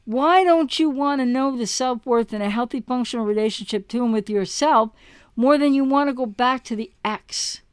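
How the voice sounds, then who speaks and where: This relationship recovery coach has a fairly high pitch, a clean tone, and a normal speaking speed. Addressing the camera with passion, she repeats words for emphasis and asks her listeners rhetorical questions. The recording is dry and studio quality.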